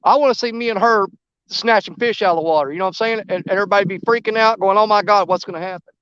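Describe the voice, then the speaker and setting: A man's voice: high-pitched, rapid-fire, a bit bright, clean tone, highs cut off. A man, hosting a fishing livestream from a riverbank and chatting easily with viewers. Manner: rambling, easygoing, greets viewers by name. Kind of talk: casual live-stream chat while fishing. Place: outdoors on a riverbank.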